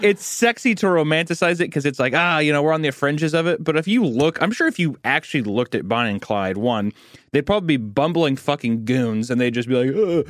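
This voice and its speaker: A man's voice: on the high side, animated, a little fast, dry recording. Podcast co-host, man from Missouri, profane ranting storyteller, dry close sound. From Missouri, United States. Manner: profane, ranting, acts out quoted people. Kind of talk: casual chat.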